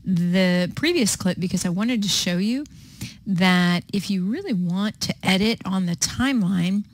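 A woman teaching video editing in a patient, step-by-step way, with frequent pauses and ums. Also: medium pitch. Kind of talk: screen-recorded software tutorial.

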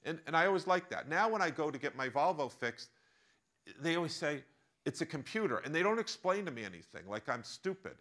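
A man's voice: on the high side, very animated, brisk, fairly bright tone. A man with an American accent voicing an eager, chatty former consultant, a woman who is also a mother, as part of a told story. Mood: persuasive.

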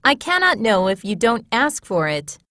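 A woman reading classroom English phrases in a clear, measured, teacher-like way, as scripted studio narration. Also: fairly high pitch, sing-song, pushed and bright, no echo.

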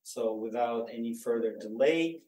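A man introducing a guest speaker in a formal, halting way, with many "uh" fillers. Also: medium pitch, darkish tone, a little hiss or hum. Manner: many "uh" fillers, slow deliberate delivery. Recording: roomy lecture hall, distant mic.

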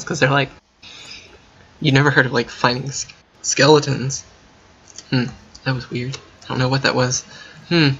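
A man commenting while playing a game, thinking out loud and breaking into excited yelps and gasps. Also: mid-range voice, slightly rough. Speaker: gaming video creator. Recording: muffled lo-fi mic with faint keyboard typing.

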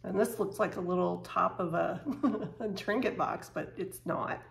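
A woman chatting casually to camera as she unboxes home decor, excitable and gushing, with quick bursts of surprise. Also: lowish voice, creaky. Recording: echoey room with faint noise.

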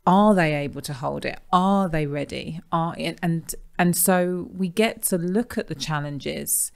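A woman hosting a podcast, speaking in a thoughtful, measured way during a reflective conversation. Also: low voice, gravelly. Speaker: podcast host.

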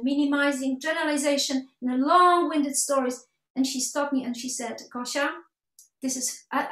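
High-voiced woman telling a story in an echoey room. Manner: animated, acts out quoted dialogue, frequent restarts. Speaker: keynote speaker. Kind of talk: webinar talk with storytelling.

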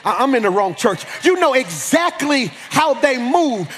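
A male pastor preaching a sermon in a big church hall, colloquial and often shouting, repeating words for emphasis. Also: very high-pitched, sing-song, unhurried, few pauses, a crowd in the background, noisy background. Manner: preaching with call-and-response energy, often shouting. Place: large church hall with an audience.

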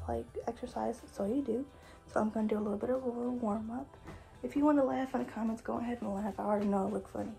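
A woman's voice: fairly high pitch, vocal fry, dark tone, poor audio. A young adult woman vlogging a home workout, chatting with viewers while slightly out of breath. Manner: chatty, filler-heavy, addresses viewers as you guys. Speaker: fitness vlogger. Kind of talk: casual vlog talk to viewers.

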